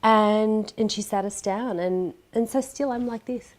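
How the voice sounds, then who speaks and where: A woman's voice: mid-range voice, measured pace. A woman telling a personal story as a podcast guest, acting out the voices she quotes and dropping to a near-whisper at hard moments. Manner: animated, acts out quoted voices.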